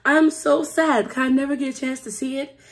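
A woman hosting a reaction video, talking excitedly, squealing, laughing and singing along. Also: high voice, a little fast. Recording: music playing loudly behind.

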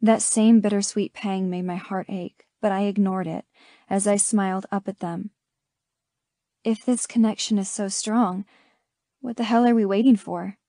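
Give me a woman narrating a first-person audiobook, intimate and measured, in a dry, close booth sound. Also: mid-range voice, dark tone, dry recording.

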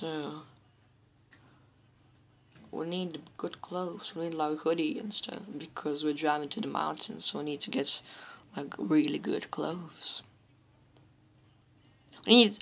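Slow rambling woman gamer commentator. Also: lowish voice, fairly bright tone. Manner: rambling, repetitive, chatty. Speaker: gameplay commentator. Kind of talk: casual let's-play commentary.

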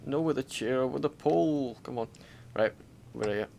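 A man's voice: mid-range voice, normal speed, gravelly. A young Scottish man in a medium voice chatting casually over a video game, with joking asides. A faint hiss sits under his voice. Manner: laid-back, joking asides while playing. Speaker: co-host of a let's play. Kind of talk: casual gaming chat.

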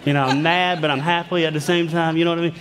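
A man's voice: fairly high pitch, steady tone, fast talker, a bit bright, slight background noise. A man preaching a sermon in a conversational, self-deprecating way, in a church sanctuary. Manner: conversational, self-deprecating humor, frequent restarts. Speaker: pastor. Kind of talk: sermon with storytelling. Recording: long hall reverb.

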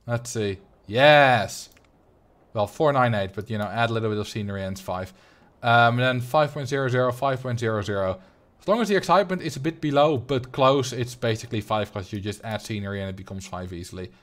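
A young Dutch streamer with a Dutch accent chats loosely on a livestream while he plays. He speaks briskly at medium pitch, rambling as he reads his chat aloud and answers it.

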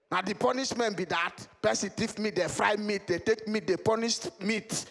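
A man telling a comic story in Nigerian Pidgin, animated and laughing as he acts out the scenes. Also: high-pitched, moderate pace, vocal fry, hardly any pauses. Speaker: stand-up comedian.

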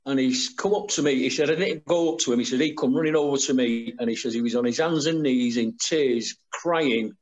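A man's voice: medium pitch, brisk, hardly any pauses, rough recording. A middle-aged man, an army veteran, telling war stories in plain, dialect-tinged speech over a video call. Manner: plain storytelling with dialect grammar.

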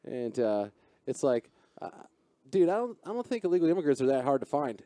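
A man's voice: mid-range voice, sing-song, brisk, warm tone, no echo, clean studio sound. A man chatting on a podcast, laid back, swearing and laughing as he tells stories. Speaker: podcast guest. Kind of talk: casual podcast banter.

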